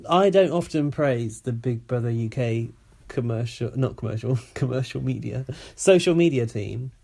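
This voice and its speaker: A man's voice: medium pitch, moderate pace, gravelly, darkish tone. A man co-hosting a podcast in casual chat, teasing and often laughing while he recaps from his notes. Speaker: podcast co-host.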